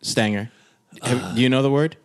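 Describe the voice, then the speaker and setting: A man co-hosting a podcast, chatting casually and teasing his guest with quick questions. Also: medium pitch. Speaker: podcast co-host. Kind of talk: casual chat.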